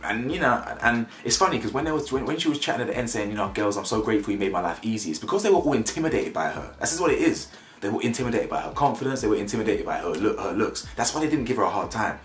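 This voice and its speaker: A young man, recapping a reality show episode in casual, animated, slang-heavy banter with mocking impressions. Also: medium pitch, very fast, roomy sound.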